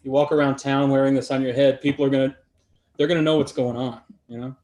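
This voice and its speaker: A man, a trivia contestant, chatting casually with a dry, halting delivery. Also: mid-range voice, little pitch movement, darkish tone. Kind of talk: casual chat.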